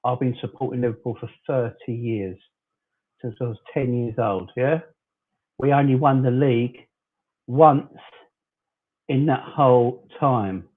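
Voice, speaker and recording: With an unhurried, steady, medium-pitched voice and many pauses, a fan channel host in his forties from southern England chats loosely on a casual livestream. He argues with commenters, calling each "fella", and the sound is tinny and phone-like.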